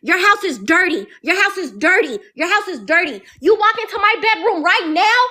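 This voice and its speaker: A woman's voice: extremely high pitch, expressive, moderate pace. A woman, venting in a heated, repetitive way, calling in to a live advice stream. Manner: heated, repeats phrases, rising to yelling. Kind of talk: emotional venting story.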